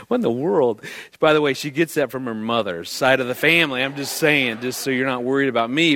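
Speaking to a live audience about marriage, a man tells a family story in an animated, jokey way, acting out the voices, including his daughter's lines. His voice is mid-range and his pace moderate, and the recording carries a long hall reverb.

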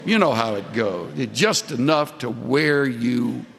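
An older man preaching a sermon and telling humorous stories with slow, deliberate emphasis. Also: medium pitch, gravelly, a bit bright, slight background noise. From Southern California. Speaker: pastor. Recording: long reverb of a large hall.

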